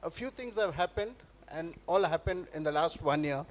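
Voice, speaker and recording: A man on a conference panel answers in a measured, soft-spoken way. His voice sits fairly high, and he works steadily through his points. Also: lively intonation, heavy background noise. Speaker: football administrator, panelist.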